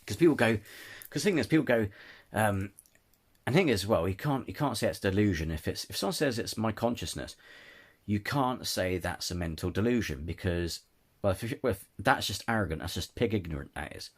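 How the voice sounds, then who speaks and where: Husky, ranting man. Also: fairly low pitch, lively intonation, a little fast. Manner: ranting, frequent restarts and apologies. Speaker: channel host. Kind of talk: casual opinion rant to camera.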